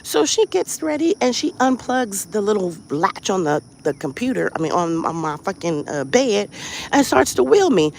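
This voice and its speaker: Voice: medium pitch, normal speed, creaky, slight background noise. A podcast host telling a story in a casual monologue, swearing freely and firing off rhetorical questions. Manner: profane, animated, rhetorical questions. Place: outdoors on a walk.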